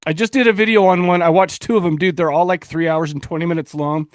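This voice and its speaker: A male podcast co-host in loose, joking chat. His voice sits a little high and sounds close and dry, with no room around it. He rambles and restarts his sentences often. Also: fairly even intonation, quick pace, no room sound. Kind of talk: casual chat.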